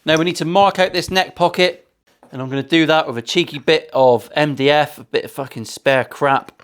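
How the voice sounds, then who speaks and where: A man with a slightly higher voice than most talks casually to camera from his guitar workshop. He chats in cheeky banter, swearing freely and tossing off jokey asides. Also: steady tone, fairly quick, a bit bright, clean tone. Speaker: luthier.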